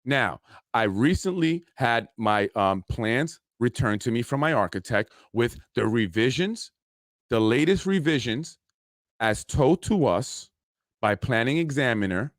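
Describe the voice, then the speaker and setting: A man's voice: medium pitch, lively intonation, a little slow, no room sound, studio quality. A man hosting his own podcast, talking casually in an aggrieved, indignant, rambling way. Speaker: podcast host. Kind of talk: casual solo podcast monologue.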